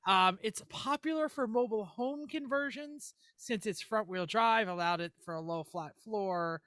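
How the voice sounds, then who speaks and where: A man's voice: high voice, moderate pace, sharp tone, dry recording, clean studio sound. A man co-hosting a casual racing podcast, joking and rambling as he reads notes. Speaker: podcast co-host. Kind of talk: casual chat.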